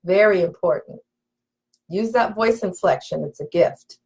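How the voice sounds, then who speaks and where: A woman's voice: on the low side, measured pace, darkish tone. A woman relationship coach giving an emphatic live session, talking straight to her audience. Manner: emphatic, preacherly, addresses audience directly.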